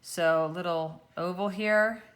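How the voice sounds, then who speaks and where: Gentle low-voiced woman teaching drawing. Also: fairly even intonation, a little slow. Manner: gentle, encouraging, talks while drawing. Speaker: art teacher. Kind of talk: drawing lesson for children.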